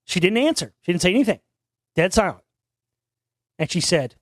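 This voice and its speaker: A man running an online talk show spins a lengthy, rambling yarn, frequently starting over and swearing casually as he goes. He speaks in an animated, fairly quick, high-ish voice that pauses often, and the studio recording is clean with no echo.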